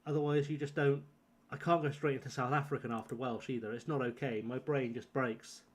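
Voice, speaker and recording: A man's voice: medium pitch, steady tone, a little fast. A man on a casual live stream, rambling and joking, swearing freely as he plays.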